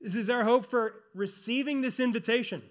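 Man, pastor, high-pitched voice, earnest emphatic sermon, slows for stressed phrases. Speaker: pastor and elder.

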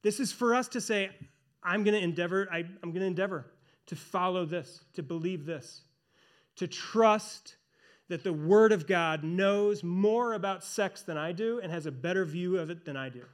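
A man, a pastor and church elder, preaching a sermon in an earnest, emphatic way, slowing down to stress key phrases. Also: high voice.

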